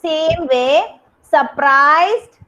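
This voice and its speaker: High-voiced animated kindergarten teacher. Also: female voice, very slow. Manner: animated, sing-song, exaggerated for small children. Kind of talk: online class teaching. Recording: dull lo-fi video call audio.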